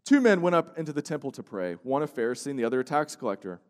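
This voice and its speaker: A male pastor delivering a sermon, moving from hushed, slow passages to loud, emphatic outbursts. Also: medium pitch, very animated. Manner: preaching with swings from hushed to emphatic. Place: church sanctuary. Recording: long church-hall reverb.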